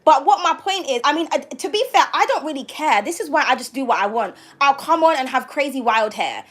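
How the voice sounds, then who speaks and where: A woman's voice: sits high, expressive, a little fast. A woman tarot reader ranting to her viewers from home, blunt and profane, firing off mocking rhetorical questions. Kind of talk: casual rant to a live audience.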